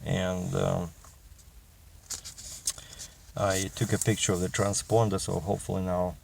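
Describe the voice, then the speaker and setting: A man's voice: low voice, little pitch movement, a little slow, creaky, a little mellow, slight background noise. A middle-aged man with a Russian accent, chatting in a casual vlog as a truck driver and rambling with many fillers and restarts.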